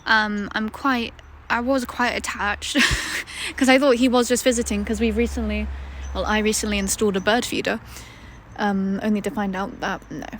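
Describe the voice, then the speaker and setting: A woman's voice: medium pitch, fairly even intonation, moderate pace, a little hiss or hum. A woman vlogger telling a story to camera in a rambling, casual way, with many fillers and restarts, outdoors in a garden.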